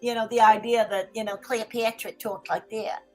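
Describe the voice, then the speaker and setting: A woman's voice: on the high side, steady tone, moderate pace, a little mellow, faint music behind, rough recording. A woman comedy teacher chatting as a guest, rambling and restarting as she tells stories. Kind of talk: casual interview chat.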